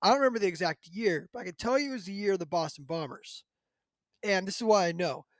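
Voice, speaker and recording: A high-pitched man hosts a casual podcast, rambling through a story with lots of fillers and animated asides. He sounds like a man in his thirties. The recording is close and dry, with no room sound. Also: fast, no room sound. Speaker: podcast host.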